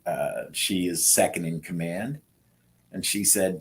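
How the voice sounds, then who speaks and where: A middle-aged man telling his story in an interview, animating the quoted dialogue with lively jumps in his voice. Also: sits low, a little slow. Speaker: guest sharing transplant story.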